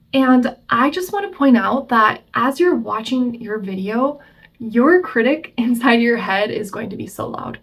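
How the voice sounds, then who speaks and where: A woman's voice: a little high, creaky. A woman therapist giving relationship advice in a chatty vlog, explaining and acting out the things people say to themselves. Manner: chatty, explains, acts out quoted self-talk. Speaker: family therapist.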